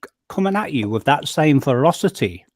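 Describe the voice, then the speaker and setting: A man's voice: mid-range voice, big pitch swings, a little fast, dry recording. Stammering storytelling man on a call. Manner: storytelling, stammers, explains with homely comparisons. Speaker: panel member. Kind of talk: casual group chat on a call. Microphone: video call.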